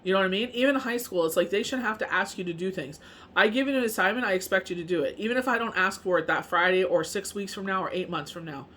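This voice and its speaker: Talking fast in a bright, mid-range voice, this Canadian woman who reads tarot and works as a medium rambles casually. Fillers such as "you know what I mean" crop up constantly, and there's slight background noise.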